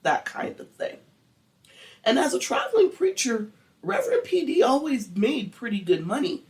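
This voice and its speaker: A woman's voice: sits high, huge pitch swings, normal speed, a little mellow, poor audio. A woman co-hosting a true crime podcast, telling the story in casual chat, swearing now and then and slipping into a Southern drawl.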